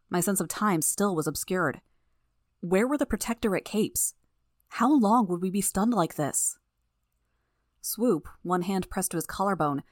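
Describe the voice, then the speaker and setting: A woman narrating an audiobook in the first person, with steady, measured storytelling. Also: on the low side, no room sound, clean studio sound.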